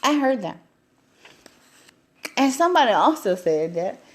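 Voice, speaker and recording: Woman live-streamer, animated, laughing, voice a bit high and swooping. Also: unhurried. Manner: animated, voice swinging up and down, laughing often. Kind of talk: casual live stream talk.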